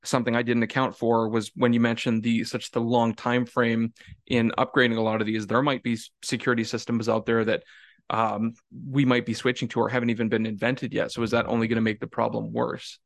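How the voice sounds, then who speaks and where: A man asking questions at a meeting, halting with many fillers. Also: mid-range voice, flat delivery, creaky, dry recording. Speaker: student questioner.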